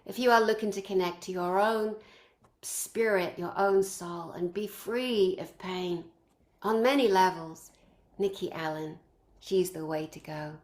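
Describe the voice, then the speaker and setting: A woman's voice: lowish voice, a little slow, darkish tone. A woman organizing a conference, introducing its speakers one by one and piling up effusive praise in long lists.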